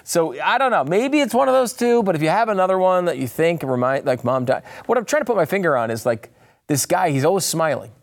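Man, show host, gravelly, tired voice, rambling commentary. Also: high voice, quick pace. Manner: rambling, self-interrupting, animated asides. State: tired, voice a bit shot. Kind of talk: political commentary monologue.

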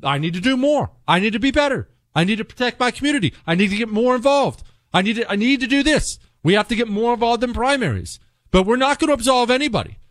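A young adult man hosts a talk radio show, ranting emphatically and sarcastically in repeated punchy lines, an opinionated monologue. His voice is very high-pitched, expressive, and a bit bright, and he talks at a quick pace. The sound is studio quality with no echo.

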